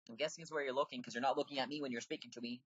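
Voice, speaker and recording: A man's voice: steady tone, rapid-fire, fairly bright tone, breathy edge, dry recording, dull audio. A man voicing a brusque British woman guide in a fantasy game, raising his voice so it sounds almost feminine. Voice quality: raised, almost feminine pitch.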